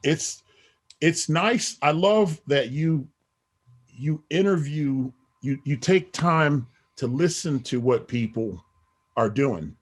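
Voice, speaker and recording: A man's voice: on the high side, lively intonation, takes it slowly. A middle-aged man, a podcast guest, talking in a rambling casual way with many "you know what I mean" asides. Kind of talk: casual interview talk.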